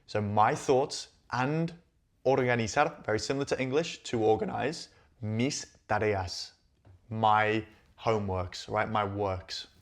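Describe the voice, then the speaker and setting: A man teaching Spanish, walking slowly through on-screen sentences and repeating each phrase before translating it. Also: lowish voice. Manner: patient, repeats phrases, thinks aloud.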